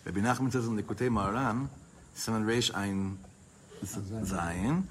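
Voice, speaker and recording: A man leads a small Torah class, reading Hebrew passages rapidly before explaining them in lively English. His voice sits on the low side, and the poor-quality audio carries a faint hiss or hum.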